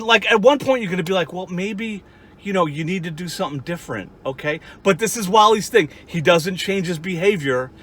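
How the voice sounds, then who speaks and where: High-voiced man in an angry profane rant. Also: fairly bright tone. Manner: profane, heated, repetitive. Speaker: YouTuber.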